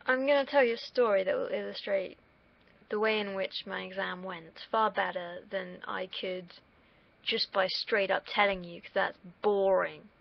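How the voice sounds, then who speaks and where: Gravelly woman rambling to camera. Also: mid-range voice, fairly even intonation, moderate pace, dry recording. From United Kingdom. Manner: rambling, self-deprecating, swears freely. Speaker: vlogger. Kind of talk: casual rambling monologue. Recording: dull lo-fi recording.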